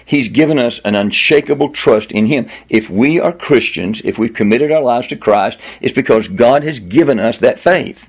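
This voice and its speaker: A man delivers a sermon as a pastor, in a mid-pitched voice. He reads scripture with deliberate stress, drawing out repeated words and rising on the ones that matter most. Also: creaky. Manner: emphatic preaching, slowing and lifting on key words.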